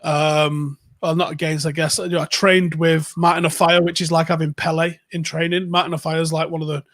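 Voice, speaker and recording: A man, co-hosting a podcast and telling sporting stories in a casual, swearing, animated way. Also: on the high side, brisk, no room sound. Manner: swearing, animated anecdotes with quoted voices. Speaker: podcast co-host. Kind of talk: casual storytelling chat.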